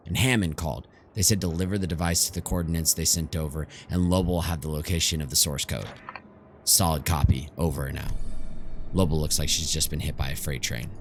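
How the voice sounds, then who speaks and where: A man reading a game story aloud like an amateur audiobook. His voice is very deep and his narration calm and low. A faint hum sits under the recording. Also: fairly quick. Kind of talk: audiobook-style read-through of a game story.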